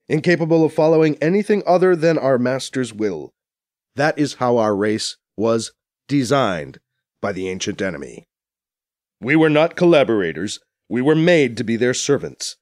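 A man's voice: medium pitch, lively intonation, darkish tone, no room sound, studio quality, pitched below the performer's own voice, lightly acted. A man voicing a proud, formal alien captain. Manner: formal, measured, dignified.

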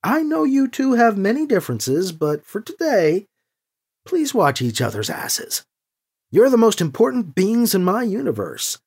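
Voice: mid-range voice, sing-song, measured pace, darkish tone, breathy edge, voice pushed up, full character voice. A narrator doing a stern, doting aunt. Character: stern, loving older aunt.

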